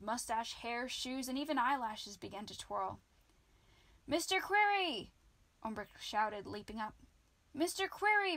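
A woman narrating a children's book in an amateur audiobook, reading lively. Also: a little high, dry recording. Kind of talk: children's book read-aloud.

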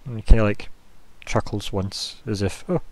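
A man's voice: on the low side, level tone, normal speed, darkish tone. A man narrating as game master of a tabletop game, rambling with lots of fillers. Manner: rambling, full of "kinda, like" fillers.

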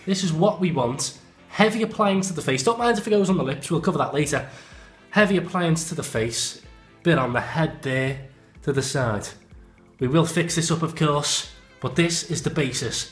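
A man's voice: on the high side, expressive, moderate pace. A young man presenting a mock makeup tutorial in a playful, mock-earnest presenter tone. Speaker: comedy vlogger. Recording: echoey room with faint music.

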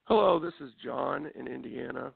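Gravelly male caller, indignant and preachy, husky, tinny phone line. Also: medium pitch, animated, normal speed, dry recording.

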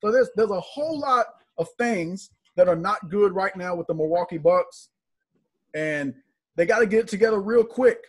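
A man's voice: high-pitched, animated, normal speed, breathy edge. A man co-hosting a sports chat, earnestly and with exasperation critiquing a team's play. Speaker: podcast co-host. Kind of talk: casual sports analysis.

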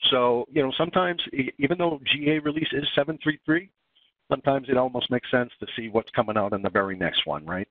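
A man with a Boston accent presenting a software webinar demo in a casual, filler-heavy way. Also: mid-range voice, dry recording. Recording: dry phone-line audio.

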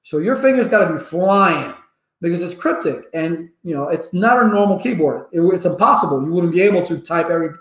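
High-voiced man telling stories. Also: fairly quick. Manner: lively storyteller with personal anecdotes. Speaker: networking instructor. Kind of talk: casual rambling talk to viewers. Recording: echoey room.

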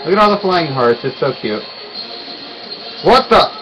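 A young man giving casual let's-play commentary, excitable and quick to yelp and groan when he fails. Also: on the high side, poor audio. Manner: excitable, yelps and groans at failures. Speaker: gaming YouTuber.

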